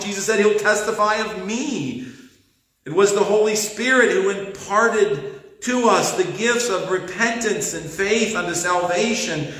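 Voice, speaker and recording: Emphatic bright-voiced preacher, slow and echoey. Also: male voice, high voice. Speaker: pastor. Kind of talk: sermon. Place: church.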